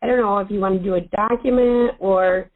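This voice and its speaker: A woman's voice: mid-range voice, fairly even intonation, fairly quick. A woman asking a question on a team call, hesitant and thinking aloud. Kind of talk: casual call chat. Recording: phone-line call audio.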